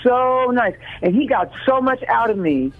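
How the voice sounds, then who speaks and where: A woman in her sixties from Chicago, telling stories as an interview guest in an animated, chatty way and often repeating words as she starts a sentence. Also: on the high side, measured pace. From South Side Chicago. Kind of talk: casual storytelling. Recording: phone-like narrow sound.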